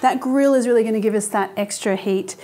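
A woman's voice: on the high side, fairly quick, background noise. A woman hosting a cooking show, chatting casually and explaining each step in an upbeat way as she cooks in a kitchen. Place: home kitchen.

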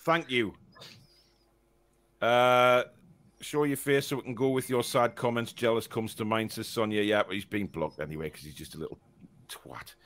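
A man's voice: on the low side, normal speed, pauses often, a bit bright. A man hosting a live fan stream, reading out comments with sarcastic, mock-exasperated asides. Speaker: host reading viewer comments. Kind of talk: casual live-stream chat.

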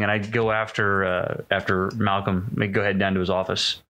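A man's voice: on the low side, level tone, fairly quick, hardly any pauses, pushed and bright. A man playing in a tabletop role-playing game, chatting and describing his character's actions. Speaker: player.

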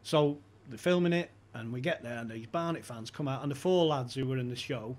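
A man, an animated storyteller who laughs between lines while chatting on a podcast. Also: mid-range voice, fairly quick. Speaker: podcast guest. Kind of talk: casual chat.

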